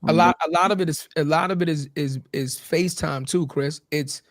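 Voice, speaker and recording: High-voiced, swearing podcast host. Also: male voice, brisk, dry recording, clean studio sound. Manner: loose, profane, emphatic storytelling. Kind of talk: casual podcast conversation.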